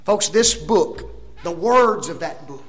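A male preacher delivers his sermon in a high, lively voice that leaps up and down as he leans on each word. He talks slowly, with dramatic swings from loud declarations to near-whispered asides, and he keeps drawing the congregation in with rhetorical tag questions. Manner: addresses the congregation as folks.

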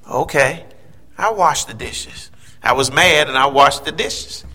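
Animated man in his fifties telling a story. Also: high voice, measured pace. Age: 50s. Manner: animated storyteller, acts out quoted voices. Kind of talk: personal storytelling.

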